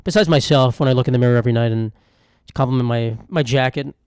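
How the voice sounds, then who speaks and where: A man's voice: medium pitch, fast talker, a little mellow, smooth, no echo, studio quality. A young man hosting a solo comedy podcast, rambling through irreverent, self-mocking riffs on news stories. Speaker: podcast host.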